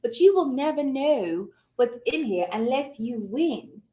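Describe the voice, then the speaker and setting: Woman host, high and bouncy, hyper and playful, calls viewers darling, plays with a put-on posh accent. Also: expressive, measured pace, warm tone. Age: adult with children. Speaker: host and notary business coach. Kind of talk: casual live-stream chat.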